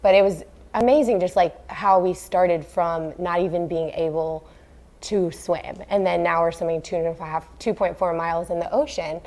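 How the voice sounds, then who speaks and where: A woman in her thirties with a somewhat low voice chats as a guest on an interview show. She talks in an earnest, animated way and uses plenty of fillers. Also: moderate pace. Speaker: guest, former professional triathlete. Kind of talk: casual interview talk.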